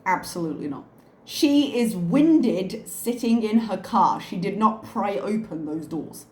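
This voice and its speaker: Woman reaction host, dry sarcastic disbelief, mid pitch, echoey room. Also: lively intonation, measured pace, darkish tone, slight background noise. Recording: roomy echo.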